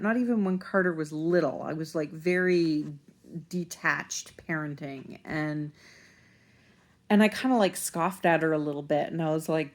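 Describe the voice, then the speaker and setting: A woman's voice: sits low, measured pace. A woman talking casually to the camera as a parent vlogger, rambling a little and using plenty of fillers. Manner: conversational, rambling, with fillers and restarts.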